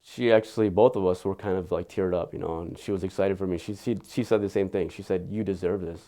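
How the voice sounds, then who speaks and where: A man giving an earnest, candid patient testimonial, halting and often repeating his words. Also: low voice, fairly even intonation, mellow.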